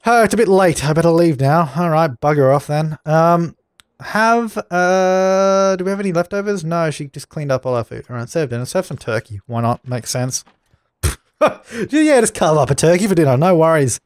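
Young male gaming host, higher-pitched voice, dry sound, sighs at and scolds his characters in a let's play. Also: expressive, normal speed, clean tone, no echo. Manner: bossy and exasperated, scolding game characters.

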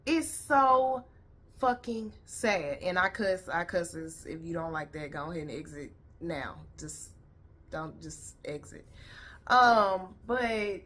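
A woman's voice: mid-range voice, unhurried, fairly bright tone, husky. A woman vlogger chatting casually to her viewers, blunt and profane, tired and her voice a little worn. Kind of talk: casual reaction video chat. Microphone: headphones on.

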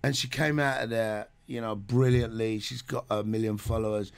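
Brief: gravelly middle-aged man, animated storyteller, radio studio guest. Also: lowish voice, normal speed. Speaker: guest actor. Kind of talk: casual radio chat.

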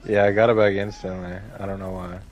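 A man's voice: deep voice, little pitch movement, fast, dull audio. A young man gaming with friends, swearing and complaining indignantly. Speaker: gamer. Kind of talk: casual gaming chat.

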